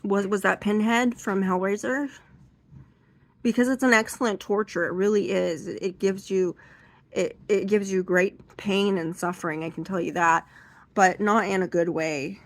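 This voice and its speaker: A young woman doing seated stand-up. She rambles through an anecdote with many restarts and fillers, and jumps into high, loud voices when she acts out other people. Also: steady tone, normal speed. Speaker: stand-up comedian.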